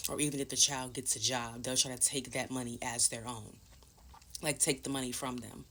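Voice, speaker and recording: Low-voiced woman vlogger, blunt and emphatic, telling her own story casually with a faint hiss behind. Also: a bit bright. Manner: blunt and emphatic, swears freely.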